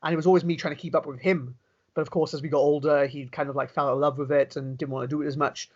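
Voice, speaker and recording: A man's voice: a little high, steady tone. A young Welsh man being interviewed, telling stories eagerly and restarting his sentences often. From Wales. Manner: fast, enthusiastic storytelling with many restarts. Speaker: interview guest, pro wrestler. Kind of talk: casual interview chat. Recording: dull lo-fi recording.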